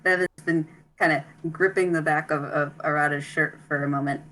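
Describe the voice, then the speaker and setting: A woman's voice: low voice, steady tone, normal speed, fairly bright tone, a little hiss or hum. A woman narrating her character's actions in a role-play, hesitant and searching for words.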